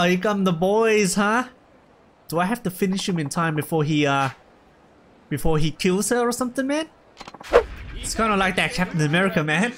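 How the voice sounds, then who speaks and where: A man giving casual, excitable gameplay commentary, full of slang and shouts at the game. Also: high voice, slight background noise. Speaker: let's play gamer. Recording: loud game music underneath. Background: game music.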